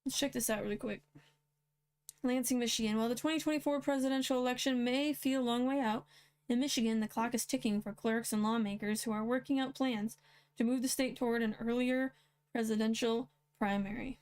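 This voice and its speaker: A woman's voice: on the high side, fairly even intonation, fairly quick, a little mellow, clear, resonant tone. A woman hosting a news roundup, reading headlines aloud and adding blunt, sarcastic comments. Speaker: host.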